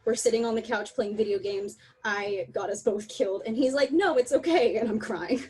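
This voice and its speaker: A young woman giving a candid, emotional online talk over a video call, laughing often and apologizing in quick asides. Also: mid-range voice, a little mellow, rough recording. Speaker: talk presenter.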